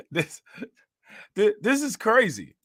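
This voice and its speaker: A man hosting a show, reacting to a news clip with loud, laughing, mocking commentary. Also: mid-range voice, husky, no room sound, studio quality.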